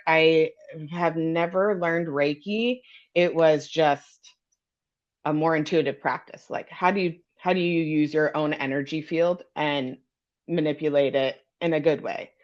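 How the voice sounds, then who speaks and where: Low-voiced woman telling her psychic story, candid and swears a lot, kinda muffled lo-fi sound. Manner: candid, swears and laughs easily. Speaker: psychic and energy healer guest. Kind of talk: casual storytelling.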